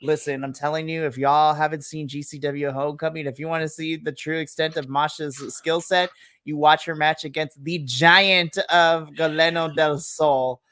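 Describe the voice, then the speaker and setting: Male podcast co-host, highish, dry close sound, enthusiastic chatty recapper. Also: level tone, normal speed, sharp tone, smooth, no echo. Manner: gushing, enthusiastic storyteller. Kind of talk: casual recap chat.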